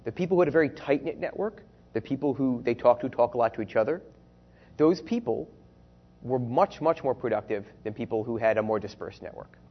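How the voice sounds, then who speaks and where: A man's voice: medium pitch, lively intonation, a little fast, husky, dull audio. A man who is a researcher giving a conference-style presentation, speaking conversationally and often checking in with the audience through rhetorical questions.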